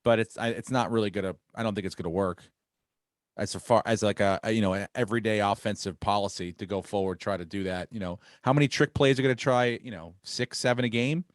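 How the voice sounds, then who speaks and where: A man's voice: lowish voice, quick pace, dry recording. Middle-aged male podcast host, profane storyteller, dry close sound. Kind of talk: casual podcast chat. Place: home on Long Island, New York.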